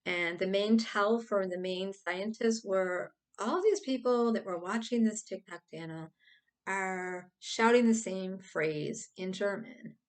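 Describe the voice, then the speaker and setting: A woman's voice: mid-range voice, takes it slowly. A woman hosting her own video, talking through a topic in a loose, rambling way and acting out silly examples. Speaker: video host. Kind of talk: casual explainer monologue.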